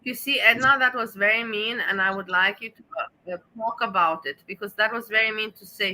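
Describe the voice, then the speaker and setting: A woman's voice: mid-range voice, normal speed, few pauses, bright, forceful tone, rough recording. A woman on a casual group chat, scolding someone with a string of repeated rhetorical questions.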